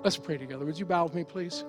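A middle-aged male pastor delivering a sermon with a fairly high voice. He pleads earnestly, pushing up into emphatic urging and then sinking low and soft. Faint music plays underneath. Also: vocal fry.

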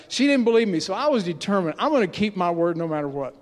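A pastor in his sixties tells a sermon story in a church sanctuary, animated and conversational with frequent restarts. His voice sits high and moves fast, and the large hall leaves a long reverb.

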